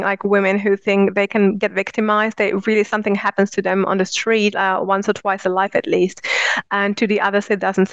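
A woman's voice: medium pitch, clean tone, no room sound, lo-fi sound. A woman giving earnest, flowing answers as an interview guest who teaches spiritual practice.

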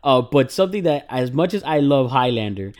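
A man co-hosting a casual chat, talking in animated rants full of side notes and laughter. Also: medium pitch, brisk. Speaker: podcast co-host.

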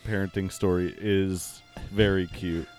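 A fairly low-voiced man hosts an improvised comedy chat. He delivers absurd lines in a deadpan, mock-serious tone. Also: a little slow, music in the background.

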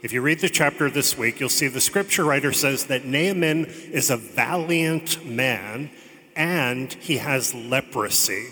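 A man's voice: mid-range voice, unhurried, pushed and bright. A man preaching a sermon, retelling a scripture story in a chatty way with joking asides. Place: church. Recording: long reverb of a large hall.

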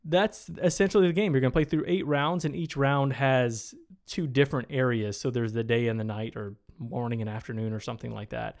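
A man co-hosting a casual board game podcast, explaining rules in a relaxed, plain way. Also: medium pitch, fairly quick. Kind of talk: casual chat. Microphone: studio microphone.

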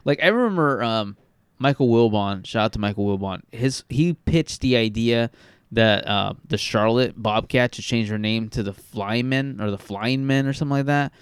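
A man's voice: medium pitch, moderate pace, clean tone, no room sound, clean studio sound. A man from California co-hosting a casual podcast, rambling with lots of fillers and cursing. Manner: rambling, swearing, many fillers and restarts. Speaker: podcast co-host. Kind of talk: casual chat.

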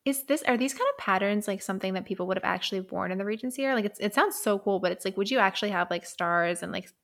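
A young woman co-hosting a casual book chat, talking quickly through plot with lots of fillers. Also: medium pitch. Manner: chatty, many fillers, recounts plot in quick bursts. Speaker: podcast co-host.

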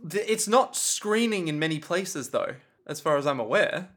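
A man co-hosting a podcast, playful and animated in casual chat. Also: a little high, normal speed. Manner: animated, playful, puts on silly voices. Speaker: podcast co-host.

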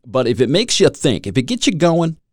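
A man's voice: a little high, sing-song, fairly quick, no room sound, clean studio sound. A man hosting a solo podcast, talking in a loose, rambling, wry way and chuckling at his own jokes. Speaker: podcast host. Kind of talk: casual solo podcast monologue.

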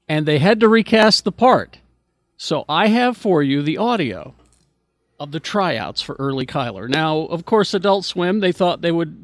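A man's voice: fairly high pitch, dry recording, clean studio sound. A man hosting a radio show, chatting casually and rambling with lots of fillers and restarts.

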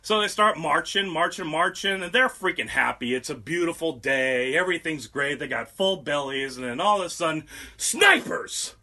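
A man's voice: high-pitched, bright, forceful tone. A young man hosting a podcast and telling a history story as casual, profane, mocking comedy.

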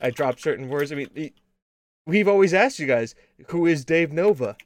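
A man co-hosting a casual gaming stream show, rambling and riffing in deadpan mock-spy bits. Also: a little high, moderate pace, no room sound, studio quality. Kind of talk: casual joking chat.

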